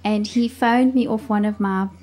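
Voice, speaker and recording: A woman's voice: mid-range voice, steady tone, normal speed, dark tone. A woman real estate agent from South Africa, speaking in a grateful, deferential way.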